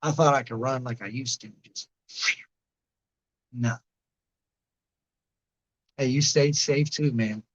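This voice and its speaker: A man's voice: mid-range voice, slow pace, pauses often, muffled recording. A man in his late thirties hosting a livestream, rambling casually and answering chatters by name. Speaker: livestream host reading chat.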